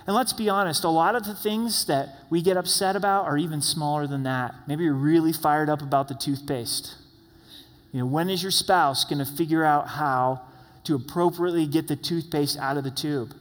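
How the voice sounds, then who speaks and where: Fervent pastor preaching in a reverberant hall. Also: male voice, on the high side, normal speed. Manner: animated, exhorting the congregation directly. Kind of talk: sermon. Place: church sanctuary.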